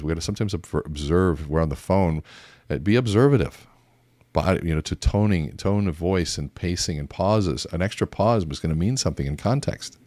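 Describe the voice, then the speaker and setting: Male communication coach with a very low voice and a dry, close sound, who teaches through animated stories. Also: no room sound. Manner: lively storytelling, acts out both sides of conversations. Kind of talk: teaching talk with acted-out examples.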